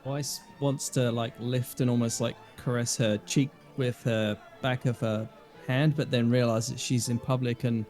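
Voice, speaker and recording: Man, tabletop player, halting, fillers, casual. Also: mid-range voice, steady tone, a little mellow, soft background music. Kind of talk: casual role-play narration.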